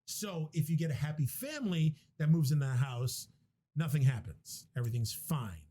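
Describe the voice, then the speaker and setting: On his podcast, a man with a fairly high, slightly rough voice and a dark tone chats casually through a movie recap. He's expressive and talks at normal speed, rambling, cursing, and starting over mid-story.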